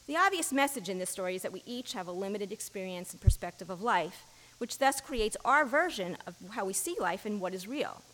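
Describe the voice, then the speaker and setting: A woman giving a sermon as an interfaith minister, reading a story in a measured storytelling voice, in a church. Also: medium pitch, animated, fairly bright tone, long reverb tail, low-quality recording. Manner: measured storytelling, giving the blind men brief quoted lines. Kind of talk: sermon with a story read aloud.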